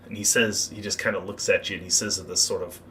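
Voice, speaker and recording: A man acting as game master, narrating a tabletop game and explaining rules with relaxed fillers. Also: sits low, fast talker, a little hiss or hum.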